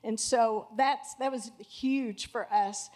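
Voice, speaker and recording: A middle-aged woman tells her story to a congregation. Her voice sits a little high, and she speaks candidly and from the heart. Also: fairly even intonation, takes it slowly, a little mellow. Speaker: pastor's wife sharing testimony. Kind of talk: personal testimony.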